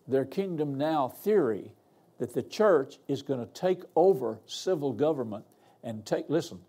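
A man's voice: mid-range voice, warm tone, slightly rough. An older man, a guest pastor preaching a sermon in a folksy, humorous, storytelling way. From Arkansas. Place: church.

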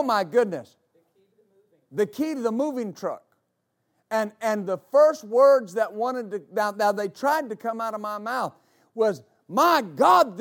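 A middle-aged male pastor with a high voice tells a story in his sermon. He halts and restarts many times, and those restarts build into emphatic declarations.

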